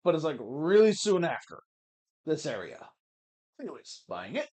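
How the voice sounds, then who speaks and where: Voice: mid-range voice, big pitch swings, moderate pace, darkish tone. A let's-play gamer chatting casually through a playthrough, wry and swearing now and then. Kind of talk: casual game commentary.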